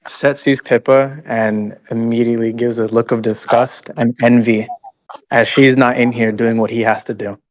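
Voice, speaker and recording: Male player, calm matter-of-fact action narration. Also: medium pitch, normal speed, poor audio. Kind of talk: describing character actions in a tabletop game.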